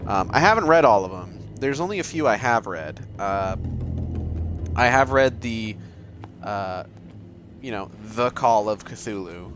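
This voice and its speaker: A man's voice: fairly low pitch, animated, unhurried, noisy background. Joking man with a mild Massachusetts accent. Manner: jokey and profane, talks back at the game. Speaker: let's play host. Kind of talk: casual gameplay commentary.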